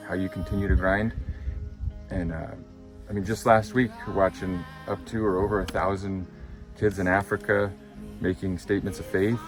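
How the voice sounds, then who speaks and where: A man talking to camera in a hiking vlog, in an earnest, grateful way. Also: low-pitched. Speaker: hiker vlogger. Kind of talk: vlog talk. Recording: clear background music.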